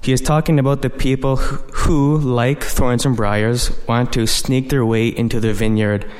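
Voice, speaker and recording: A man's voice: mid-range voice, steady tone, normal speed, a little mellow, in a large hall. A man preaching a sermon, explaining scripture verse by verse in an earnest manner with frequent "you know".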